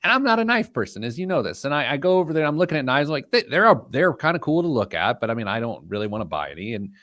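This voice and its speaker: A male radio host chatting casually and telling stories with a joking, animated manner. His pitch swings widely from phrase to phrase. The studio sound is close and dry, with no room echo. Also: fast. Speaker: show host. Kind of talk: casual radio show chat.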